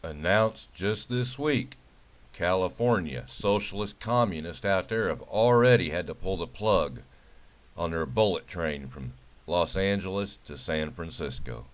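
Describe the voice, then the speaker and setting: A man with a fairly low voice rants at a slow, deliberate pace. He stacks one word after another and leans hard on each of them. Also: animated. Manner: emphatic, stacks lists of words. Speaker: commentator. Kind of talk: ranting political commentary.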